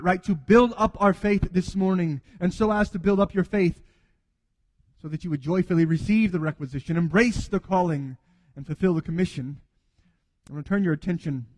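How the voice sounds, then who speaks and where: A man's voice: high-pitched, a little mellow, long reverb tail. A man preaching a sermon earnestly, acting out quoted dialogue as he goes. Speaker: pastor.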